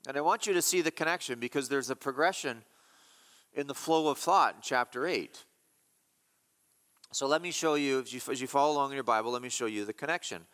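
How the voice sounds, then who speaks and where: A man delivers an expository sermon, slowing down to stress repeated words. His voice is bright and forceful at a middle pitch. It rings with the long reverb of a church hall. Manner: emphatic, repeats key phrases slowly. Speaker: pastor.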